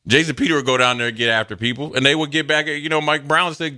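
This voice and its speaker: A man co-hosting a sports talk show, telling stories from his playing days in a loose, animated way and acting out what others said. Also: fairly high pitch, fast talker. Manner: animated storyteller, acts out quotes, loose and chatty. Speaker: sports radio co-host, former NFL player. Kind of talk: casual sports talk storytelling.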